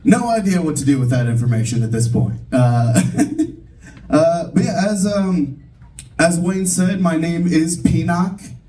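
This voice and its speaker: A young man works a comedy club crowd in a loose, self-mocking stand-up set, dropping fillers as he goes. His voice is mellow and sits at an ordinary pitch. The mic catches him from a distance across the room. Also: measured pace.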